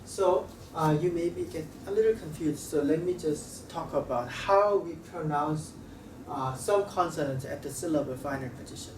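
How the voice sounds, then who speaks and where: A man teaching a language lesson, talking haltingly and repeating sounds to demonstrate them. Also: fairly high pitch. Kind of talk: classroom lecture at a board. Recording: roomy, slightly distant mic with faint room noise.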